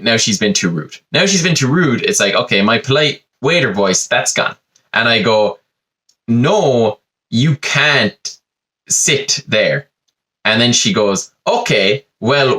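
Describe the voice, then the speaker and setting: A man's voice: mid-range voice, sharp tone. A man in his twenties, a comedy podcast host, telling a story and acting out both sides of an argument in shifting voices. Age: 20s.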